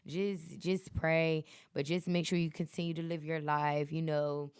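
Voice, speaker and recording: A woman's voice: low-pitched, level tone, unhurried, clear, resonant tone, no echo, studio quality. Blunt, profane woman podcast host. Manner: profane, blunt, preachy and motivational. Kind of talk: casual solo podcast rant.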